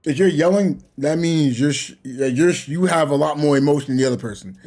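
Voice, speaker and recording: A young man with a fairly quick, slightly mellow voice on the high side hosts a gaming channel. While playing, he offers casual, reflective commentary, rambling and laughing softly between points.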